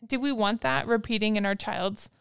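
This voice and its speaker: A middle-aged woman hosting a casual parenting talk, earnest and reflective, pausing her guest to probe further. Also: medium pitch, vocal fry, smooth. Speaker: podcast host.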